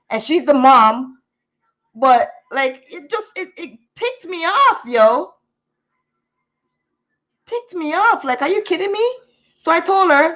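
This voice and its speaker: A woman, talking through a personal story in an animated, venting way, sometimes slipping into patois. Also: fairly high pitch. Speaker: YouTuber. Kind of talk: candid storytime vlog. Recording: muffled lo-fi sound.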